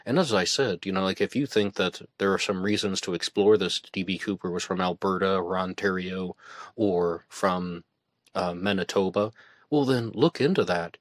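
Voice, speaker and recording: A man's voice: low-pitched, moderate pace, no echo, studio quality. A man hosting a solo podcast, musing aloud in a casual, conversational way with some hesitations. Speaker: podcast host.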